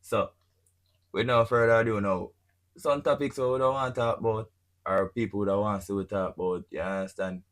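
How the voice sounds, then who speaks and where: Fields: Sex: man. Pitch: very low. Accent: Jamaican. Role: podcast host. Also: a little fast. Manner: animated, blunt, swears freely; keeps asking "you see me I say?". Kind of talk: casual chat.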